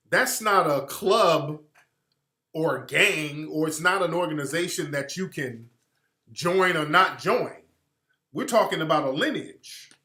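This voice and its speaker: A livestream host delivers a monologue in an emphatic, rhetorical style packed with profanity. His voice is a little high with a sharp tone, and the sound is reverberant.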